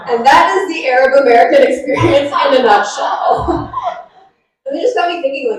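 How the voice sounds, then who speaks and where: A woman's voice: sits high, expressive, moderate pace. A young woman doing a stand-up comedy set, chatty and self-mocking, laughing at her own jokes. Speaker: stand-up comic. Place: hall at a benefit event. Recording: echoey hall, mic from far off.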